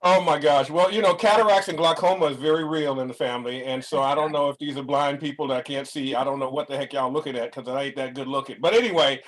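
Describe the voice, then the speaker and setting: A man's voice: medium pitch, fairly even intonation, quick pace, few pauses. A man, a reverend and guest speaker, chatting effusively over a video call and often restarting his words. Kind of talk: casual chat.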